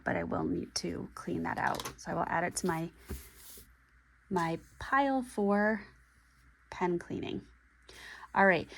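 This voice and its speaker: Young woman, lowish voice, casual chatty vlogger talking as she writes. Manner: chatty and relaxed, with pauses while writing. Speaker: pen and planner video creator. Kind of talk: casual vlog talk while writing.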